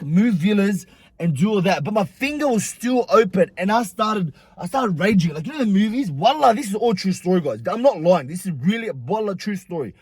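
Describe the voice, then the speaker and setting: A young man vlogger telling a story in an animated, profane, slangy way. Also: sits high, slightly rough, dry recording. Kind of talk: storytime vlog.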